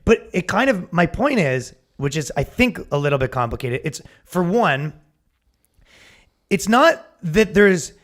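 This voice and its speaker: A man's voice: high voice, big pitch swings, a little slow, fairly bright tone. A man co-hosting a comedy podcast, chatting casually, rambling with restarts, swearing and acting out quotes. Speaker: podcast co-host.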